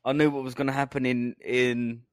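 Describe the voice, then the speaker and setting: Fairly quick and flat in delivery, this man has a medium-pitched, clean-toned voice recorded with no echo and clean studio sound. As a podcast co-host in casual conversation, he laughs frequently and swears freely.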